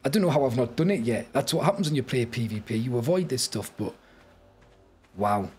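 A young man giving excitable, panicky live commentary on his gameplay and shouting orders to his creatures. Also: mid-range voice, fairly quick, husky. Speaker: gaming YouTuber. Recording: loud game music behind the voice.

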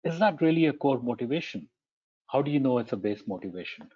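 Husky-voiced man giving a webinar talk. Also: mid-range voice, expressive, fast talker, highs cut off. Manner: poses rhetorical questions, then answers them; keeps checking in with "right?". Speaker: webinar presenter.

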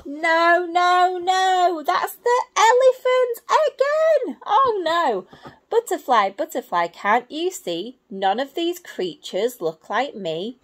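A woman's voice: extremely high pitch, sing-song, slow, fairly bright tone, pitched above the performer's own voice, heavily acted. Woman doing a little lost monkey, insistent. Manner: insistent, exasperated repeated denials. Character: small young monkey searching for its mum.

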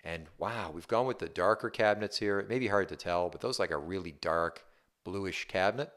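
Low-voiced man giving a home tour. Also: a little fast, a bit bright. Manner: upbeat, chatty, keeps asking the viewer "right?". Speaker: real estate agent. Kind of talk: casual home tour walkthrough.

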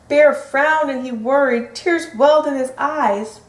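Slow, gentle woman reading to kids. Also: high voice. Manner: slow, gentle, sing-song. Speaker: storybook reader. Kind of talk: reading a picture book to children. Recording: roomy echo from a distant mic.

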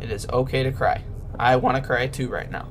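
A man's voice: mid-range voice, steady tone, a little fast, slight background noise. Jittery young man playing a horror game. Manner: jittery, whispers reassurances to viewers. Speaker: gaming YouTuber. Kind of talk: let's-play commentary.

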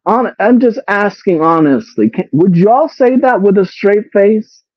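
A fairly high-pitched man talks slowly and deliberately, exasperated, pressing his viewers with rhetorical questions and repeating himself. The sound is tinny and phone-like, with a dry, close feel and no room around it. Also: animated, no echo. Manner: swears, repeats phrases. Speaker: commentary streamer. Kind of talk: casual commentary to a live chat.

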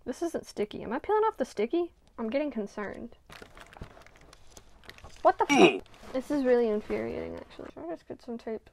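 A woman's voice: a little high, lively intonation, brisk, vocal fry, pauses often, darkish tone, slight background noise. A woman vlogging casually from her bedroom as she works on a craft project. She mutters to herself, runs herself down and swears freely. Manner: self-deprecating, swearing, muttering to herself while working.

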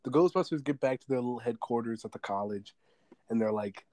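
A man's voice: mid-range voice, brisk, mellow, no room sound. A young man co-hosting a podcast, telling stories animatedly and laughing often. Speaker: podcast co-host. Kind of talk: casual chat.

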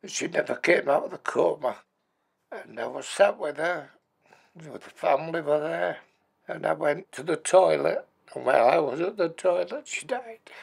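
There's vocal fry in this slightly high, slightly rough male voice, moving at a moderate pace. The speaker, in his 80s, is a bereaved husband and former carer sharing his life story for a documentary in a matter-of-fact, plain-spoken manner.

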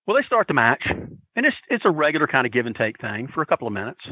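A man telling a story loudly and boisterously on a podcast, swearing freely as a regular contributor. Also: medium pitch, sing-song, fast talker, breathy edge, no room sound, phone-quality sound. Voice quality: loud and boisterous, profane. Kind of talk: loud storytelling, casual chat.

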